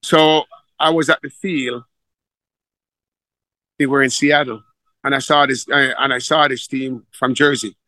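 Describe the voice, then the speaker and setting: A middle-aged man, a football coach telling stories in a conversational, animated way, repeating words and laughing as he goes. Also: medium pitch, unhurried, pauses often, no echo. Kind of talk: conversational storytelling.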